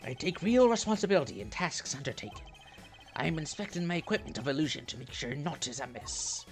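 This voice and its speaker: A man's voice: on the high side, sing-song, a little fast, faint music behind. A man voicing a grandiose adult male stage magician, with a put-on French accent and a pompous, theatrical manner. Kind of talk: voicing game dialogue.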